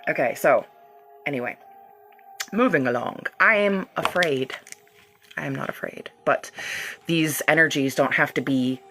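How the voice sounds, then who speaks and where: A woman leads a live energy-healing stream and speaks in a casual, rambling way. She greets her viewers and laughs easily between thoughts. Soft music plays faintly under her voice. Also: low-pitched, unhurried, pauses often. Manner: chatty and loose, laughs often, talks straight to viewers. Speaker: reiki healer hosting a livestream.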